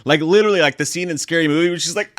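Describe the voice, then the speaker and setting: A man's voice: on the high side, very fast, a bit bright, no echo, studio quality. A man ranting through a TV series review, exasperated and sarcastic, swearing constantly. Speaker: movie reviewer. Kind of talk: profane comedic review rant.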